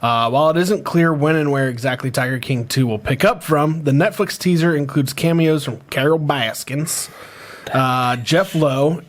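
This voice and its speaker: A man hosting a casual podcast, reading out news items and stumbling over names. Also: medium pitch. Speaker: podcast host.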